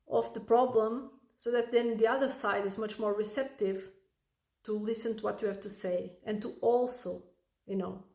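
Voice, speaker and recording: A woman coaching parents in a relaxed, conversational way, with a slightly high voice. She often checks in with "right?" and restarts her thoughts mid-sentence. The room around her adds noticeable echo. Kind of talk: advice talk to camera.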